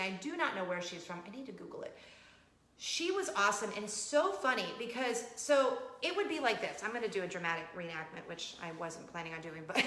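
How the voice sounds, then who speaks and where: A woman's voice: mid-range voice, echoey room, a little hiss or hum. A woman vlogger, chatting casually and playfully with her viewers. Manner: chatty and animated, with laughs and playful asides. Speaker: vlog host. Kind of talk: casual chat.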